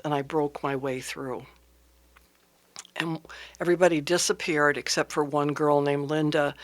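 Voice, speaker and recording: A woman guest on a radio interview, telling a personal story in an earnest, halting way and dropping to a hush at the tender parts. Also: low-pitched.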